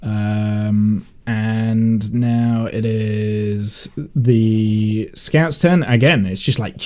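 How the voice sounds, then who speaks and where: Slow, easygoing man running a game. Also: on the low side. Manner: relaxed, hesitant, many fillers. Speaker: game master. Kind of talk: narrating a tabletop game.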